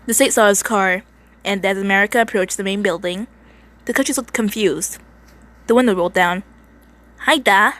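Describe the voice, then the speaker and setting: A woman's voice: mid-range voice, brisk, fairly bright tone. Young woman, casual story reading at home, stumbles, laughing asides. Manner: stumbles, laughs and comments on the text. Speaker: reader of fan fiction. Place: home, indoors.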